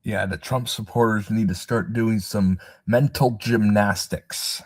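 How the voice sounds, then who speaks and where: Guy doing a chill livestream, kinda low voice, dry close sound, rambly and sarcastic. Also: steady tone, a little slow, breathy edge, no echo. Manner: rambling, sarcastic asides, self-deprecating. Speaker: livestream host. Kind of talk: casual livestream chat.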